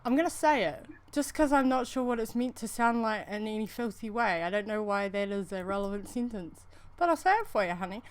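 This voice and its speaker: A woman's voice: medium pitch, lively intonation, brisk, hardly any pauses. A woman with a New Zealand accent co-hosting a casual livestream, rambling chattily and calling viewers honey. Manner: rambling, chatty, calls people honey, laughs often. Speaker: livestream co-host.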